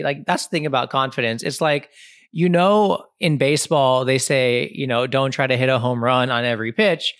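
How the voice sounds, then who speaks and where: A man's voice: on the high side, a bit bright, dry recording, clean studio sound. A man in his thirties, a comedian and podcast host, giving casual advice in a chatty way full of "like" and "you know". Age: 30s.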